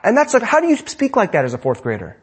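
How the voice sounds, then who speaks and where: In a church sanctuary, a pastor preaches to his congregation in a slightly husky voice that is somewhat high for a man. His pitch swoops wildly and he speaks quickly, alternating between forceful, raised lines and soft, hushed asides.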